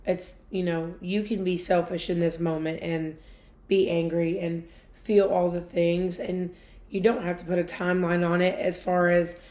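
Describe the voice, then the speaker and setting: Woman, podcast co-host, reassuring and gentle, lower pitch, roomy echo. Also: level tone, moderate pace. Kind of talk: gentle interview conversation. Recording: echoey room.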